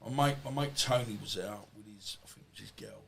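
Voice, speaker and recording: A man's voice: mid-range voice, quick pace, creaky, a bit bright, slight background noise, rough recording. A man, a podcast guest telling rambling personal stories in casual talk, swearing freely and acting out what people said to him. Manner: rambling, swears freely, acts out quoted dialogue. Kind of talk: casual storytelling interview.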